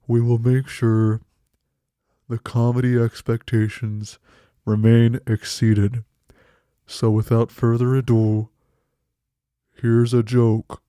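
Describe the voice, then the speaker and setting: A man voicing a gloomy, solemn male stand-in host who talks slowly and flatly in a mournful way, as a comedy podcast bit. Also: mid-range voice, clear, resonant tone, no echo, clean studio sound, lightly acted. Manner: slow, flat, mournful delivery.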